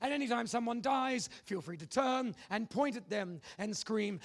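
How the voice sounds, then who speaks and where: An Australian man hosting a live comedy game show on stage, loud and playful, bantering with the crowd. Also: very high-pitched, normal speed, few pauses. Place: live convention stage with audience.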